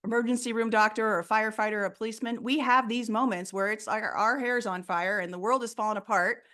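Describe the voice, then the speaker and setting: A woman's voice: fairly high pitch, steady tone, quick pace, sharp tone. Earnest woman explaining her coaching method. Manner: earnest, explanatory, often acts out quoted voices. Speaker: guest, fear coach. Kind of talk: casual interview talk.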